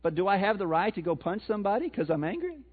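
A man's voice: high voice, big pitch swings, fast talker, breathy edge. A man preaching a sermon in a conversational way, putting questions to his congregation and answering them himself. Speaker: pastor. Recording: tinny phone-like sound.

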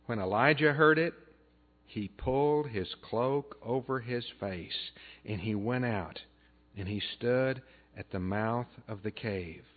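A man preaching a sermon as pastor, earnest, building up loud and then dropping soft. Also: mid-range voice, takes it slowly. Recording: tinny phone-like band.

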